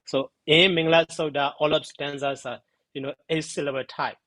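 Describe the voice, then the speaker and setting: A man giving a spoken grammar lesson, slow and halting, sounding out syllables one by one. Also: on the high side, fairly even intonation, fairly bright tone, dry recording, poor audio. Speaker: monk teaching grammar.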